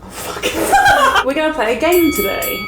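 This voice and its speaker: Young British woman, giggly comic host, higher voice. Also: wildly swooping pitch, unhurried, reverberant, loud music behind the voice. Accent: British English. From Britain. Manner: chatty, giggly, swears. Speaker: comedy YouTuber. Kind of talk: casual comedy chat.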